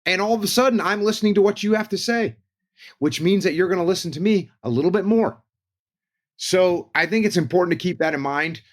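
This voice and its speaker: Emphatic man with a higher-than-usual voice who keeps driving the same points home, in a relaxed podcast chat. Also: a little fast. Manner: emphatic, repeats key points in lists. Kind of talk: casual teaching talk.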